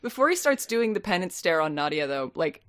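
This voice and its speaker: A woman's voice: lowish voice, very animated, a little fast, dry recording, clean studio sound. A woman co-hosting a movie podcast, rambling and laughing as she picks apart a film. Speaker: podcast co-host. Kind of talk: casual movie-review chat.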